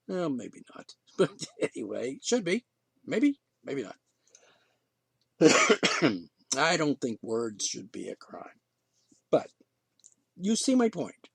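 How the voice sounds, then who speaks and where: A man with a high, lively voice rants indignantly, swinging from sarcasm to exasperation. His delivery is rambling and full of restarts. The recording is dry and close. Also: unhurried, gravelly, breathy edge, no echo. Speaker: podcast host. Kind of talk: ranting monologue.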